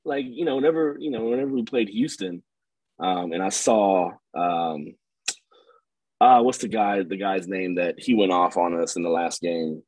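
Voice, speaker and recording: A man with a low, husky voice talking basketball in a relaxed podcast conversation. He rambles and circles back on his words, earnest rather than polished. The sound is close and dry. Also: moderate pace, no room sound, low-quality recording. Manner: rambling, many fillers and restarts, earnest. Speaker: podcast co-host. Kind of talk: casual sports chat.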